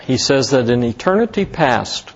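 A man preaching a sermon as pastor, slow and emphatic, lifting his voice on key words. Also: mid-range voice, very animated, breathy edge, highs cut off.

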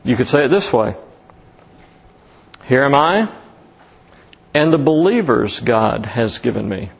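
A man preaching a sermon as pastor, slow and emphatic, lifting his voice on key words. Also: mid-range voice, expressive, creaky, breathy edge, lo-fi sound.

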